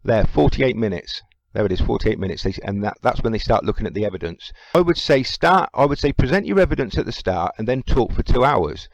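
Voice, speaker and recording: A man's voice: medium pitch, lively intonation, a little fast, no room sound. Sarcastic man commentating, dry sound. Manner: sarcastic, chuckling, picks apart wording. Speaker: commentator fact-checking an interview. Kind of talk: casual commentary over played clips.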